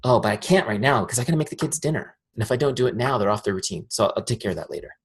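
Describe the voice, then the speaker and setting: A man voicing an excited young mother who is easily distracted, with a husky, gushing delivery. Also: mid-range voice, brisk. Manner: gushing, breathless enthusiasm.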